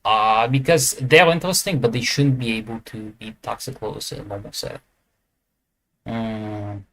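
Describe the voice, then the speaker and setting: A man's voice: lowish voice, fairly even intonation, moderate pace, fairly bright tone. A man giving casual commentary as he ranks esports teams, thinking aloud with hesitant fillers and self-corrections. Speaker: esports tier list creator. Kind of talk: casual commentary while ranking.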